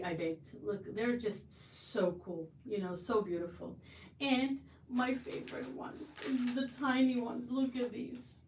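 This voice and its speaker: A woman's voice: medium pitch, slight background noise. A woman hosting a casual livestream from her home kitchen, chatty and effusive, often restarting her sentences. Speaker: livestream host. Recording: roomy sound from a distance.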